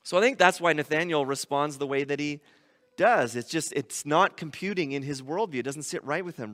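A man preaching a sermon, animated, often acting out quoted voices. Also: fairly high pitch, a little fast, long reverb tail. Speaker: pastor.

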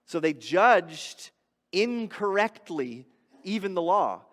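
Animated preacher man in a reverberant hall. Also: high-pitched, slow. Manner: conversational, animated preaching with rising emphasis. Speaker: pastor. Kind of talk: sermon.

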